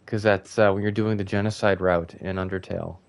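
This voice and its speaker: A man's voice: low-pitched, steady tone, brisk, creaky. A man giving casual, rambling let's play commentary and reading game text aloud. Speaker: gamer.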